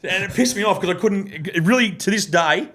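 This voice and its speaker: A man's voice: sits high, a little fast, a bit bright, slightly rough. An Australian man, a guest and former ground announcer, telling stories in a casual podcast chat, swearing freely and acting out what other people said. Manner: swears freely and acts out other people's lines in his anecdotes. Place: podcast studio.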